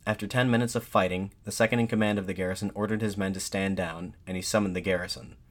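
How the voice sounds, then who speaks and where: A man giving measured, scripted documentary narration. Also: sits low, fairly even intonation.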